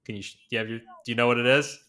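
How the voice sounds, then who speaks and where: A man's voice: mid-range voice, steady tone, very fast, bright, forceful tone. A man hosting a podcast in an upbeat, easygoing way. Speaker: podcast host. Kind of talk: casual chat and sign-off.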